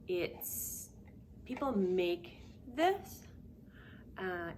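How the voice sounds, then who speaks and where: Slow, patient preschool teacher woman. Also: mid-range voice, lively intonation, noisy background. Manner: patient and sing-song, drops to hushed whispers when giving clues. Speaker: daycare teacher. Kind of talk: remote preschool lesson.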